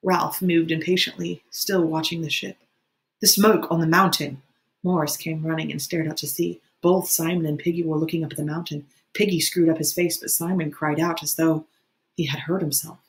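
A woman's voice: sits low, flat delivery, a little fast. A woman teacher reading a novel aloud for her students in a plain manner, with occasional restarts.

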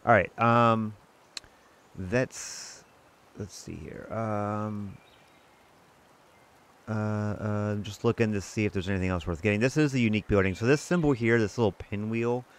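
Chatty low-voiced man hosting a game playthrough. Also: a little slow, long pauses, slight background noise. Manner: chatty, rambling, self-amused. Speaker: gaming channel host. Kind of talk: casual let's-play commentary.

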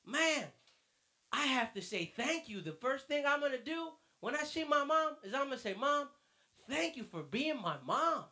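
A man's voice: extremely high pitch, very animated, sharp tone, voice pushed up, heavily acted. A man playing an earnest young nephew. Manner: earnest, quick to agree. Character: eager, agreeable young nephew.

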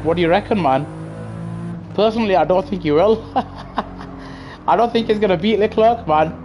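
With a high-pitched voice at a moderate pace and audio that sounds dull, a man casually chats over his racing-game stream, responding to chat with slang and reacting as he drives. He uses a gaming headset, and engine noise and music fill the background.

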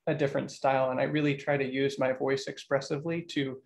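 A male podcast host explains ideas in a calm, measured way. His voice stays flat and level, with a gravelly fry running underneath. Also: mid-range voice, a little hiss or hum. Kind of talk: casual podcast conversation.

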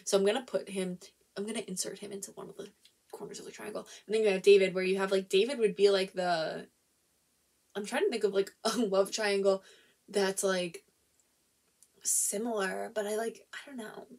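A woman's voice: medium pitch, fairly even intonation, moderate pace, gravelly, a little mellow. A woman giving a casual spoiler-filled book review, rambling and thinking aloud, filling nearly every phrase with "like" and often restarting her sentences.

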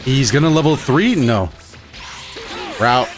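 A man giving live commentary on his own fighting-game matches, excitable, swinging between muttering and shouting, his throat a bit rough. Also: mid-range voice, measured pace, faint music behind. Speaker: gaming YouTuber.

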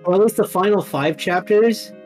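A man streaming a video game, reacting excitedly and chatting casually with friends. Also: high-pitched, moderate pace, faint music behind. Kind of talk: casual gaming chat.

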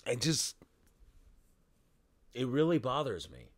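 A man's voice: mid-range voice, huge pitch swings. A man delivering an angry vlog rant, exasperated and swearing, often stumbling over his words. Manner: exasperated, swearing, halting restarts. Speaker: vlogger.

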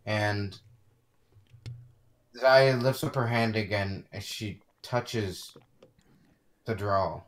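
A man describes a scene in a tabletop game, hesitating and repeating words as he goes. He speaks slowly in a slightly low voice. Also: fairly even intonation.

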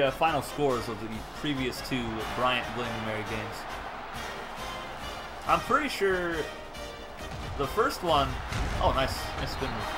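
Male gaming streamer, lively and animated, loud music in the background. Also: mid-range voice. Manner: excitable, laughs often, breaks into shouting on big plays; chats with viewers. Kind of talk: live gameplay commentary.

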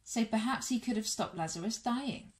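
A woman's voice: on the high side, normal speed, close to an everyday voice. A woman voicing a villager among the mourners, with a wondering, slightly raised voice in a storybook reading.

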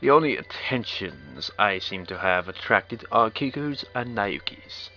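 Reading visual novel text aloud, this man breaks in with dry, sarcastic commentary between lines, like a let's play host. His fairly low voice is bright and forceful, swings widely in pitch, and moves a little slowly. Faint game music sits under a dull, lo-fi recording.

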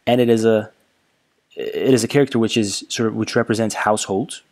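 Guy with a low gravelly voice teaching over slides, relaxed, lots of uhs and ums. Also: a little fast. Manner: relaxed, with many fillers and repeated words. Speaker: language teacher. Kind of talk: casual lecture over slides.

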